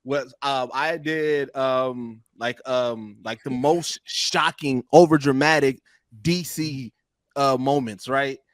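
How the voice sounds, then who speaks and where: A man's voice: mid-range voice, steady tone, slow, no room sound, studio quality. A man co-hosting a podcast, telling stories in a rambling, laughing way with many fillers. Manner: rambling storyteller, laughs often. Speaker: podcast co-host and voiceover artist. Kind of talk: casual podcast chat.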